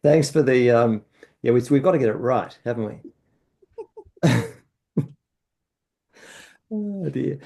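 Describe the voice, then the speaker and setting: An Australian man hosting a group workshop over a video call, relaxed and chuckling, with halting restarts. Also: medium pitch, vocal fry. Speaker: workshop host.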